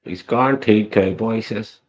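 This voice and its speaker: A man's voice: lowish voice, normal speed. Crude teasing man, swearing. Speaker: live stream guest. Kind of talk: casual chat.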